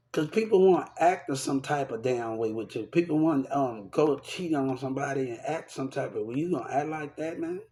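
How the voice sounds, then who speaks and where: A man's voice: medium pitch, expressive, fairly quick, few pauses, warm tone. A young man talking in a rambling, repetitive and profane way, venting about people in his life in a casual rant to camera. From Texas.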